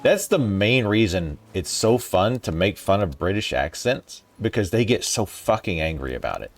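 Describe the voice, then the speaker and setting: A man streaming himself playing a video game. He talks in a crude, profane, ranting way, his pitch swinging widely. Faint music plays behind him. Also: big pitch swings, normal speed. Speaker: gaming streamer. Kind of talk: let's play commentary.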